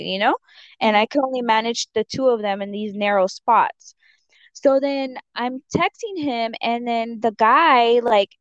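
A woman's voice: fairly high pitch, dry recording. A woman telling a story in casual chat, rambling with many fillers and acting out the quotes. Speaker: storyteller in a conversation. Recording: dull dry lo-fi audio.

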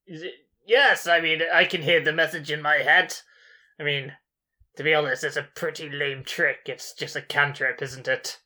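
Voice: medium pitch, fairly even intonation, normal speed, sharp tone. A player voicing a boastful sorcerer. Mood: dismissive. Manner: pompous, bragging. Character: boastful male human sorcerer, pompous.

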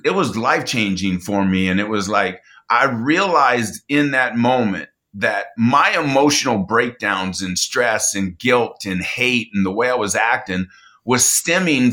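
A man's voice: medium pitch, sharp tone. A middle-aged man telling a personal story as a podcast guest, earnest, often repeating words and restarting his sentences.

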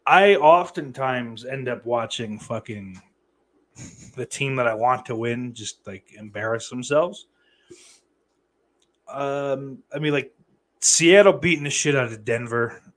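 A man's voice: mid-range voice, takes it slowly, pauses often. A man from the United States hosting a casual livestream, reading the chat aloud and rambling with lots of fillers and cursing. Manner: profane, rambling, with many fillers and mock outbursts.

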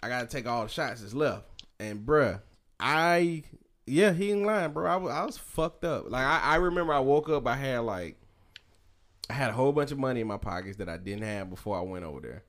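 A man spins a wild night-out story for his podcast co-hosts, laughing through it and acting out what everyone said. His talk is loose, profane and animated, the easy back-and-forth of friends around a table. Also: medium pitch, a little fast. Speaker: podcast co-host. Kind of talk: casual storytelling among friends.

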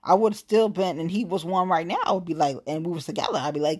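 A woman's voice: on the low side, fast talker, hardly any pauses, a little mellow, breathy edge. A woman delivering a blunt, heated political rant, swearing constantly.

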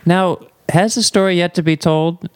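A man's voice: high-pitched, fairly even intonation, normal speed, clear, resonant tone, no echo. A man hosting a comedy podcast, teasing a guest and laughing often. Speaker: podcast host. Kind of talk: comedic casual chat.

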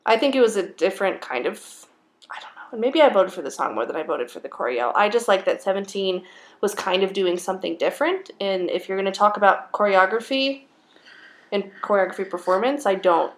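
A woman's voice: mid-range voice, animated, a little fast. A woman co-hosting a casual chat, reading out nominees and teasing her friend with a laugh. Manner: playful, laughs often, teasing. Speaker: co-host. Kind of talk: casual chat about music awards.

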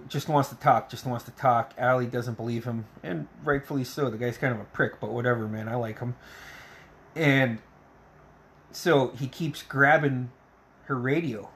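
Man recapping a film with profane excitement. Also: mid-range voice, normal speed. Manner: profane, excitable play-by-play retelling; laughs often. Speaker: podcast host reviewing a film. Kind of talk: casual storytelling recap.

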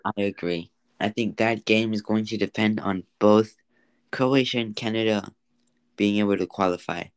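A young man with a low, gravelly voice gives matter-of-fact opinions in a casual sports podcast. He keeps his remarks short. The recording is close and dry. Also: fairly even intonation, normal speed, no echo, low-quality recording. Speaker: podcast co-host.

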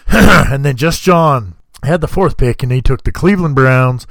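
A man's voice: medium pitch, unhurried, a bit bright, dry recording. A man hosting a casual podcast, laid-back and joking, swearing freely as he talks. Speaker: podcast host. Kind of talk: casual chat.

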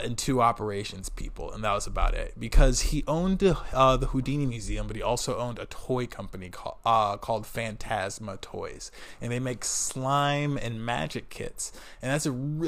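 A man telling a story about his old job in a casual vlog, swearing and sounding exasperated as he tells it. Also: medium pitch. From United States. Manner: profane, animated, exasperated. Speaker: vlogger.

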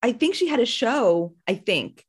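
A woman's voice: fairly high pitch, sing-song, unhurried, husky. A young woman hosting a podcast, chatty and rambling, full of "like". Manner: chatty, rambling, heavy use of "like". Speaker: podcast host. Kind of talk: casual podcast chat.

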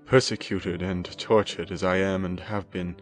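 A low-voiced man gives a dramatic, emotive first-person reading of a classic novel. Faint music sits under his narration. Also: steady tone, normal speed. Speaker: audiobook narrator.

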